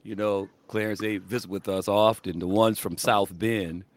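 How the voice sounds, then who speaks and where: An older man co-hosting a casual faith podcast, an animated storyteller who laughs often and acts out what people said. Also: fairly low pitch, normal speed, a little hiss or hum. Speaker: podcast co-host.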